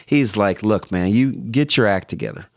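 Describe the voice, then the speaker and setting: A man's voice: on the low side, animated, normal speed, gravelly, no echo. Man, podcast guest, storytelling, acts out quoted voices, lots of "like", dry close sound. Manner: tells stories by acting out both sides of phone calls, many "like"s and restarts. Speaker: podcast guest, former football player. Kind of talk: animated storytelling in conversation.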